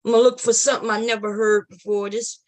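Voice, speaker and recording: A woman streaming late at night, telling a profane comic story and acting out scenes, often loud and animated, into a computer mic. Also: a little high, quick pace. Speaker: comedy streamer.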